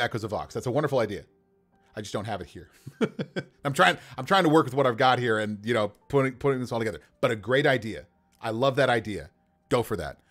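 Brief: male streamer GM, excitable and animated, faint music underneath. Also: mid-range voice. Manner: enthusiastic, talks to viewers, laughs often. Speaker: game master building characters. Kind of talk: casual livestream dice-rolling chat.

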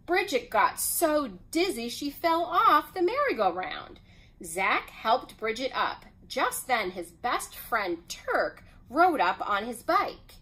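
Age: adult. Woman reading a picture book, slow and lively. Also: high-pitched, low-quality recording. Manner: expressive, unhurried. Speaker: storyteller.

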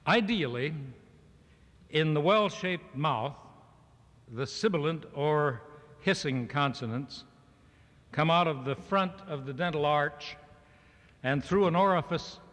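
He speaks slowly with long pauses, his high, slightly bright voice full of lively intonation, lecturing with mock seriousness for laughs. The occasion is a farm organization meeting before an audience in a large hall, recorded on archival cassette with heavy reverb.

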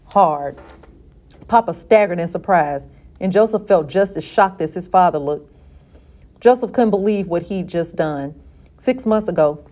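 Woman reading a novel aloud, mellow. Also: fairly low pitch. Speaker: reader.

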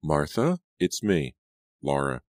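A man voicing an excitable, gossipy teenage girl on the phone in an audiobook, talking rapidly and breathlessly. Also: very deep voice, no room sound, clean studio sound, exaggerated voice. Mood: excited. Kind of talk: audiobook character voice.

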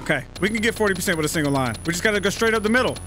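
A man giving live gameplay commentary, exasperated and swearing, yelling at the game as he plays. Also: high-pitched, animated, very fast, soft background music, rough recording. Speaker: gaming channel host.

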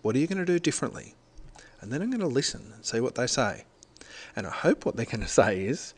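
A middle-aged man from Australia, a teacher with a lowish voice, presents a recorded lesson conversationally. He explains each step in turn and corrects himself now and then.

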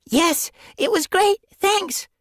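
A man's voice: extremely high pitch, slow pace, fairly bright tone, no room sound, clean studio sound, pitched above the performer's own voice, exaggerated voice. A man voicing a young female cat apprentice in an audiobook, pleading and emotional. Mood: anxious. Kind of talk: audiobook character voice.

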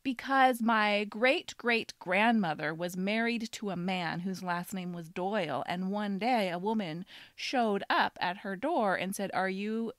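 A woman's voice: mid-range voice, unhurried, few pauses, a bit bright, dry recording, clean studio sound. A woman co-hosting a podcast, in casual, chatty talk with frequent laughter. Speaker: podcast co-host. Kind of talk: casual chat.

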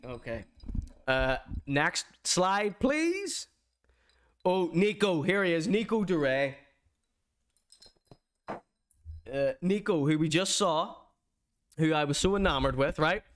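A man's voice: a little high, lively intonation, measured pace, long pauses. A man hosting a streamed show, giving a mocking, theatrical comedic rant.

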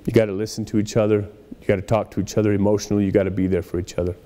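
A man's voice: lowish voice, flat delivery, racing, mellow, big-room sound. A man preaching a conversational sermon in a church, acting out little dialogues as he goes. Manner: conversational preaching with acted-out quotes. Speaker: pastor.

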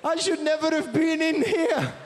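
A man voicing an excitable young Greek man in a mock Greek accent, high and pleading, as a stand-up comedy impression. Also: normal speed, roomy sound, in a large hall, a little hiss or hum. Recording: theatre stage with loud audience.

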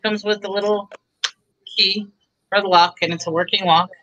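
A woman's voice: medium pitch, steady tone, normal speed, a bit bright, rough recording. A woman selling items on a live online auction, chatty and bubbly as she pushes her bargains. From Texas. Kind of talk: live sales pitch.

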